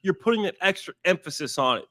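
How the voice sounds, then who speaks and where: A man in his thirties who used to play pro football guests on a casual sports chat, breaking down a game emphatically and restating key points for stress. His voice is high, slightly bright and animated, and he talks fast, captured with studio quality and no room sound.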